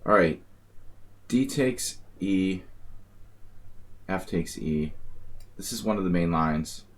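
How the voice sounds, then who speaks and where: A man's voice: deep voice, lively intonation, takes it slowly. A man streaming live chess games and talking through his moves with wry, rambling, grumbling asides. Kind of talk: live-stream commentary while playing.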